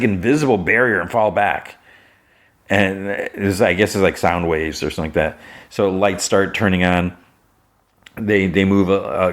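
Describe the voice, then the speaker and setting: A man hosting a podcast, casually retelling a show's plot in a rambling way, with lots of fillers and restarts. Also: deep voice. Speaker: podcast host.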